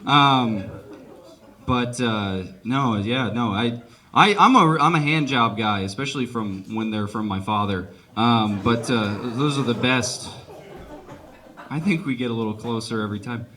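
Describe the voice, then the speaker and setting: A man's voice: medium pitch, a little slow, bright, forceful tone. A young man doing live stand-up, rambling and self-deprecating and laughing at his own jokes. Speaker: stand-up comedian.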